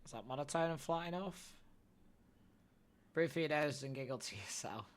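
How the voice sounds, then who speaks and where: A man's voice: a little high, lively intonation, moderate pace. A young man streaming live, chatting casually and thinking aloud while building a character.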